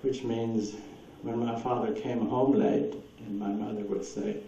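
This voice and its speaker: A man rambles through anecdotes with a mellow, dark tone, chuckling often. His voice comes from a distance in a roomy, echoing hall. The recording is dull, with faint noise underneath. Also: medium pitch, little pitch movement, unhurried. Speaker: speaker at a presentation. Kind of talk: anecdotal talk taking audience questions.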